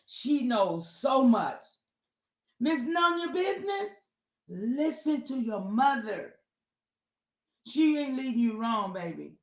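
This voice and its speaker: A woman's voice: a little high, very animated, takes it slowly. Folksy preachy woman, echoey room. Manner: preachy, folksy, repeats herself for emphasis. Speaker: speaker at an online symposium. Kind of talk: casual heartfelt address to listeners.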